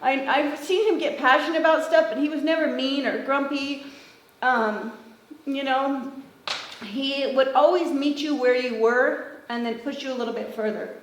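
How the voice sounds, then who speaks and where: High-voiced woman speaking at a memorial. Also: moderate pace. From Northern California. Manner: conversational, many fillers and restarts. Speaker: former student giving a eulogy. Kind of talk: memorial tribute speech. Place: memorial gathering in a roomy hall. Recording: roomy echo with faint ambient noise.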